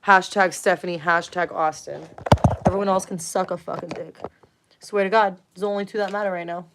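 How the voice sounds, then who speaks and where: A woman's voice: mid-range voice, fairly quick, a little hiss or hum. A woman in her thirties livestreaming from home at night, talking bluntly and heatedly with lots of swearing, and cooing baby talk to her dog. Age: 30s. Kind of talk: casual livestream rant.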